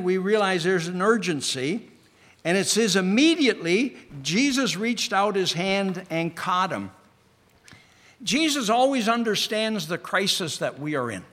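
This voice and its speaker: High-voiced preacher in a reverberant hall. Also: male voice. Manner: earnest, slows for emphasis and sinks to a hush. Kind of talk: sermon.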